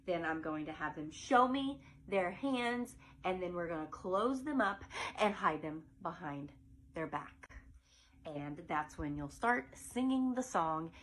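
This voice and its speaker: A woman's voice: fairly low pitch, animated, unhurried, fairly bright tone, a little hiss or hum, rough recording. A middle-aged woman, a preschool teacher explaining a finger song and singing it in playful, changing voices. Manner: playful, changes her voice for silly sung characters.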